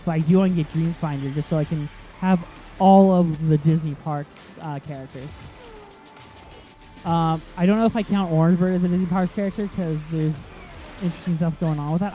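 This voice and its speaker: A man talking through a racing game in a relaxed let's-play ramble, his voice soft and mellow. He drifts from topic to topic, stacking up ums and restarts as he goes. Faint game music sits quietly underneath. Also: on the high side. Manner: rambling, chatty, easily sidetracked, lots of ums. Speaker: gaming channel host. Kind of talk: casual let's-play commentary.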